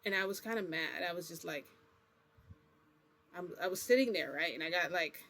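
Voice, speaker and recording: A woman talks straight to her viewers, winding through a personal story with plenty of fillers and asides. Her delivery is loose and animated, breaking now and then into a laugh. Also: on the low side, moderate pace. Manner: rambling, chatty, many fillers. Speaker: vlogger. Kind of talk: casual confessional storytelling.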